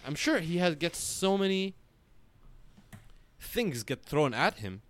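Speaking slowly in a fairly high-pitched voice, a man co-hosting a podcast rambles through casual chat. He's animated, curses a lot, and leans heavily on filler words.

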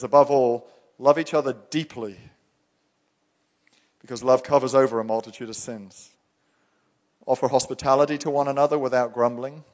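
A man's voice: mid-range voice, darkish tone. Preaching man in a reverberant hall. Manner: earnest, emphatic preaching, reads scripture aloud. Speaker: pastor. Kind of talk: sermon.

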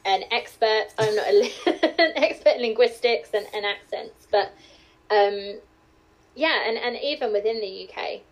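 A woman's voice: fairly high pitch, normal speed, poor audio. British woman with a formal English accent. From United Kingdom. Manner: chatty, laughs often, hedging. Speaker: podcast guest. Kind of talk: casual podcast conversation.

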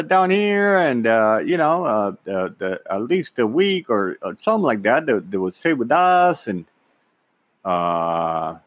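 A man telling a personal story in a halting way, often repeating words and acting out what people said. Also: medium pitch, no room sound. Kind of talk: personal anecdote, casual monologue.

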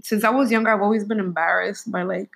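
A woman's voice: mid-range voice, fairly even intonation, quick pace, gravelly, a bit bright, poor audio. A young woman in casual chat, telling a candid story and swearing freely.

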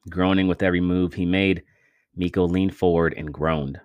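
A man narrating a scripted adventure story with steady, dramatic storytelling. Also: low voice, moderate pace, no echo.

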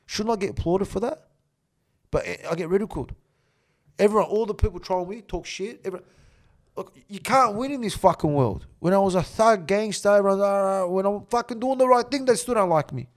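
A man's voice: high-pitched, brisk. A man telling stories in a casual podcast chat, blunt, emphatic and swearing a lot. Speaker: podcast guest.

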